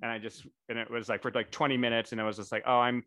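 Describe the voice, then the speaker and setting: A man's voice: medium pitch, level tone, racing, pushed and bright, no room sound. A man co-hosting a podcast, chatting casually in a rambling, jokey, self-promoting way. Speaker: podcast co-host. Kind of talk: casual chat.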